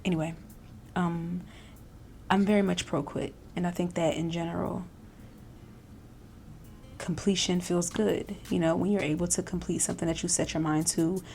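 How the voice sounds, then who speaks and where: A woman's voice: lowish voice, steady tone, normal speed, gravelly, long pauses, dark tone, slight background noise. A woman vlogger talking in a casual, reflective way, with many fillers and restarts. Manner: chatty, self-reflective, many fillers and restarts, laughs often.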